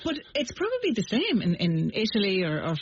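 A woman co-presenting a radio discussion, talking with many pauses and restarts. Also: mid-range voice, huge pitch swings, a little hiss or hum. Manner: hesitant, many uhs and restarts. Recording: dull lo-fi radio broadcast.

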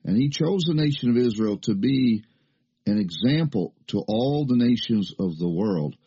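Older male preacher, dark husky voice. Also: mid-range voice, animated, normal speed. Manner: emphatic, folksy preaching with many fillers. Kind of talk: sermon. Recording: muffled lo-fi recording.

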